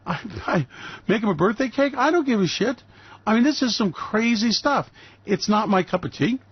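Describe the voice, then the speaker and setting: A man's voice: sits high, normal speed, husky, dry recording, highs cut off. An older man from New York City, hosting a radio show with emphatic, ranting commentary full of rhetorical questions.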